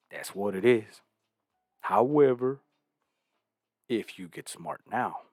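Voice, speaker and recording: Male host, low husky voice, slow and preachy, keeps asking "right?", faint music under him. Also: a little mellow. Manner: preachy, repeats "right?" and "understand", mimics other people. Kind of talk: casual monologue commentary.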